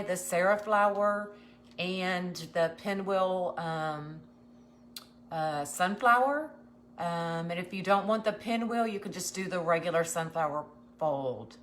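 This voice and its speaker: A woman's voice: medium pitch, a bit bright, a little hiss or hum. A woman hosting a casual craft livestream, greeting viewers and chatting with many ums and restarts. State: nervous.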